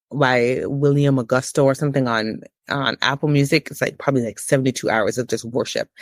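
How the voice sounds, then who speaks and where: A woman in her thirties giving a candid personal testimony as an interview guest, with emotional, preacher-like rises in pitch. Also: dry recording, studio quality.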